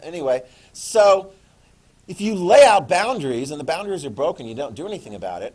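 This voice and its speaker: A middle-aged man giving a classroom history lecture in a jokey, animated way, acting out quick voices. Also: high-pitched. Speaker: history teacher.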